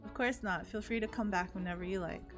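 A woman voicing a polite male tailor with a dark secret in a video game, speaking low and courteously. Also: a little fast, music in the background, lightly acted.

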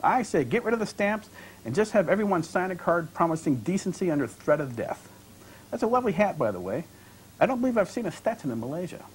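A wry young American woman traveler talks on and on, ironic and a little defensive, as a man reading his novel puts her on. The voice sits high and swoops about with lively rises and falls. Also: fast talker, a little hiss or hum, low-quality recording. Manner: chatty, ironic, lightly defensive. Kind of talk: author reading dialogue aloud.

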